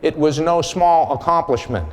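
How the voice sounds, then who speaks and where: A man's voice: on the high side, normal speed. Man speaking in a reverberant hall. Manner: candid, storytelling, blunt asides. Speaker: conference speaker. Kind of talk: keynote speech with personal story. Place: large conference hall.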